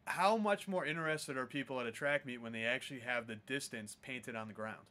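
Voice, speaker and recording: Man, throws coach, podcast co-host, bright clear voice, mid pitch, earnest. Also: brisk. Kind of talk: casual podcast chat.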